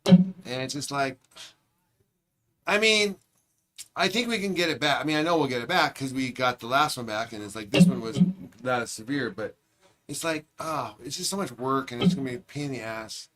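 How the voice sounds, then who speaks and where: A man's voice: medium pitch, animated, moderate pace, a crowd in the background. A man chatting casually with live viewers, rambling and swearing freely in a laid-back way. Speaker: livestreamer. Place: large public train terminal.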